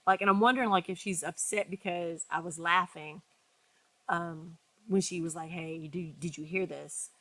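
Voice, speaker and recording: Woman co-host, slightly low voice, animated storyteller who acts out quotes. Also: normal speed, no room sound. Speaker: podcast co-host. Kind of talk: casual storytelling chat.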